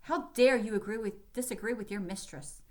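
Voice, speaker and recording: A woman's voice: medium pitch, big pitch swings, brisk, close to an everyday voice. Give me a woman playing an arrogant young officer, haughty and scornful. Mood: indignant. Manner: haughty, scolding.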